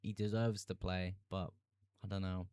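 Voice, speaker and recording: Relaxed, chatty man with a low voice. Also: moderate pace, smooth, dry recording, clean studio sound. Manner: relaxed, chatty, reads out viewer comments, laughs easily. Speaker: fantasy football streamer. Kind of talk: casual live-stream chat.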